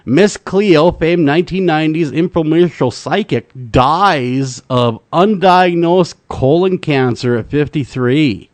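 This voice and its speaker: A man's voice: a little high, takes it slowly, few pauses, no room sound. A man hosting a radio talk show in casual banter, joking and rambling and laughing easily.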